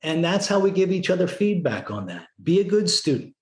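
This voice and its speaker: A man's voice: high-pitched, fairly quick, reverberant. A middle-aged man, a former Navy SEAL, telling stories in a casual interview. He leans on "right?" and "you know" as he talks. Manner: animated storyteller, frequent "right?" and "you know". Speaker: podcast guest, former Navy SEAL leader.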